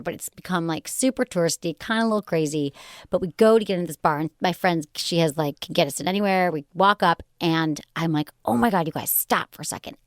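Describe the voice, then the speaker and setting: A middle-aged woman hosting a podcast, chatting casually and telling a story with animated delivery, acting out voices as she goes. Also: medium pitch, no room sound, studio quality. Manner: animated, acts out voices in stories. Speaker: podcast host.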